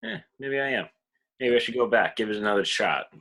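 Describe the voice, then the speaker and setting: A man's voice: mid-range voice, expressive, brisk, bright, forceful tone. A young man co-hosting a beer review podcast, laid-back in casual chat and laughing often. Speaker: podcast co-host reviewing beers.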